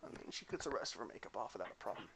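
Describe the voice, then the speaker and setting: A man's voice: fairly low pitch, sing-song, very fast, gravelly, fairly bright tone. A young man running a tabletop game and narrating casually as game master.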